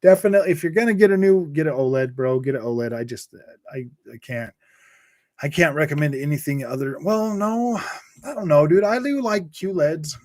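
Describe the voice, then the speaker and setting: A man's voice: medium pitch, darkish tone, no echo, clean studio sound. A young man hosting a casual gaming livestream, rambling about consoles and answering chat, laughing often and calling everyone dude and bro. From Utah. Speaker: gaming channel host reading live chat.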